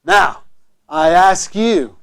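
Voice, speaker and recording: A man's voice: high voice, lively intonation, very slow, vocal fry, a bit bright, clear, resonant tone. A man teaching chemistry to a class, encouraging and often checking that students follow. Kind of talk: classroom lecture.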